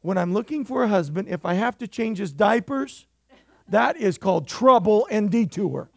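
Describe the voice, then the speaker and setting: A man's voice: high-pitched, expressive, moderate pace, creaky, darkish tone, no echo, studio quality. A male pastor preaching a sermon in church, emphatic and jokey, calling for amens from the congregation.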